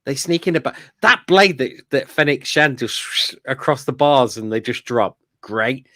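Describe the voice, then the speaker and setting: A man's voice: mid-range voice, animated, measured pace, sharp tone, no echo, studio quality. A man co-hosting a podcast, chatting in an enthusiastic, rambling way with lots of fillers and laughs. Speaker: podcast co-host. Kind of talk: casual fan review chat.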